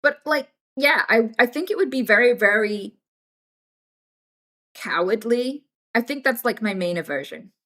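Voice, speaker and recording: Animated British woman, swearing freely. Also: on the high side, unhurried. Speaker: livestreamer. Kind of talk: casual livestream chat.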